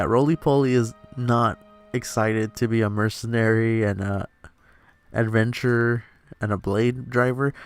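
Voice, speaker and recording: A young man hosts a casual gaming commentary, rambling on with fillers and frequent laughs. He records in a room at home while faint game music plays underneath. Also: mid-range voice. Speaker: let's play host.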